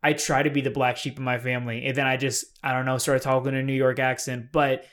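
A young man co-hosting a podcast in casual chat, with soft R sounds, laughing often and rambling. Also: mid-range voice, level tone, fast. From South Carolina. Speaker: co-host.

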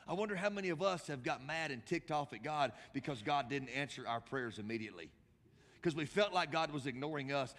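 Man, pastor preaching, higher voice, long church reverb. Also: expressive, moderate pace, a bit bright. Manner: impassioned preaching, rising to high emphatic bursts. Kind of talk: sermon. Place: large church hall.

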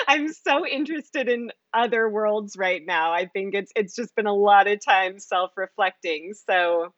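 A woman's voice: mid-range voice, unhurried, hardly any pauses, a bit bright, no echo, lo-fi sound. A woman who is a writer and artist, a podcast guest who talks reflectively and laughs easily. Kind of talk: casual podcast chat.

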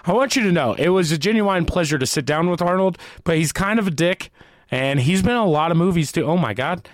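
A man's voice: fairly high pitch, expressive, a little fast, no room sound, clean studio sound. A man hosting a comedy show in casual chat, teasing and laughing often. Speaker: host.

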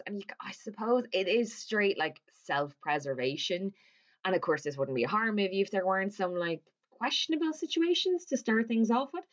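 A woman's voice: medium pitch, lively intonation, normal speed, muffled recording. A woman casually recapping a horror film plot, chatty and swearing freely as she acts out the characters' lines. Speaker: movie recapper.

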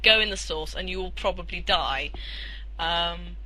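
A woman's voice: fairly low pitch, a little slow, pushed and bright, low-quality recording. A woman co-hosting a podcast, explaining things in a rambling way with fillers and swearing. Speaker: podcast co-host. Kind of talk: casual podcast banter.

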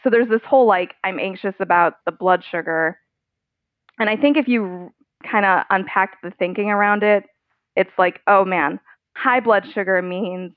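A woman's voice: medium pitch, normal speed, no room sound. Woman, podcast guest, candid and chatty, dry tinny phone line sound. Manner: candid, chatty, laughs often, many "like" fillers. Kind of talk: conversational interview.

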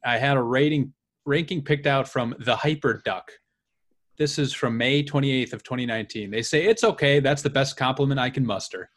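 A man co-hosting a beer podcast over a video call, chatty and quick to laugh as he reads reviews aloud. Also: mid-range voice, fairly bright tone. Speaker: podcast co-host. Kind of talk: casual chat.

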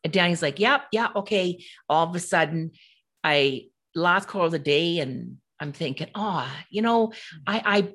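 Middle-aged woman co-host, animated storyteller, lowish voice. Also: a little slow. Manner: animated, acts out quoted voices. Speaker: podcast co-host. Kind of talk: casual storytelling.

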